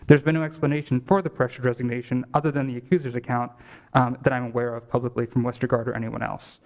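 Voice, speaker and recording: A man giving a prepared statement at a council meeting, reading quickly with occasional ums. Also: medium pitch, darkish tone. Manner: rapid, reading, with fillers. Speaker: public commenter. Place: city council chamber.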